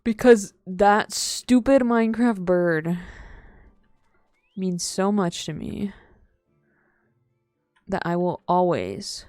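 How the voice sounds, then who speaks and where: A woman's voice: medium pitch, expressive, slow pace, pauses often, a little mellow, no echo, studio quality, faint music behind. A young woman live-streaming a game, rambling in casual chat and full of "like" fillers. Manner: rambling, heavy use of "like" fillers; chatty and playful.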